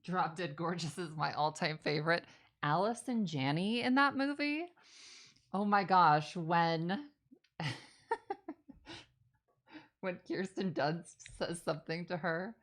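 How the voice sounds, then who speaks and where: Her voice is on the low side, expressive and a bit bright, moving at a measured pace over a rough recording. She hosts a laid-back live stream from her crafting setup, fielding viewer questions, wandering off topic, fixing her own words and gushing about movies.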